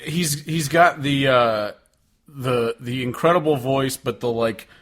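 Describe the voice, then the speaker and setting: A man's voice: medium pitch, takes it slowly. A man co-hosting a casual podcast, laid-back and joking, with casual swearing. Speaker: podcast co-host. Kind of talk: casual chat.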